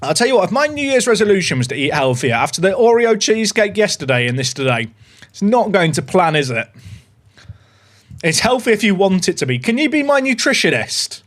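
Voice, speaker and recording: A young man hosting a casual livestream, chatty and excitable as he talks to his viewers. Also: high-pitched, fairly quick. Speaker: livestream host.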